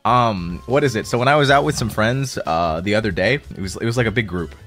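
A young man streaming, telling stories in a loose, laughing chat and breaking into high squealed impressions of friends. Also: expressive, brisk, a bit bright, faint music behind. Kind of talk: casual chat to a stream audience.

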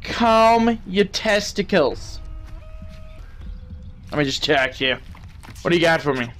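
A young man talks over his gameplay, joking crudely and taunting the characters on screen. His voice sits high and bright and swings widely in pitch. He takes his time between lines, and game music runs faintly behind him. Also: expressive, slow. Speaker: gaming channel host. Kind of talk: game commentary.

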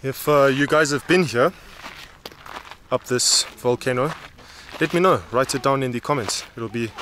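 Hiking along a volcano trail, this man vlogs in a medium-pitched voice at a moderate pace, chatting with both his viewers and a companion. The walk has him sounding weary, and the outdoor noise is loud.

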